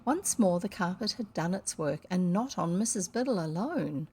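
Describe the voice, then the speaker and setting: A woman's voice: fairly low pitch, animated, moderate pace, warm tone, slightly rough. A woman from New Zealand reading a children's novel aloud, breaking off for casual asides describing the pictures. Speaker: storybook reader.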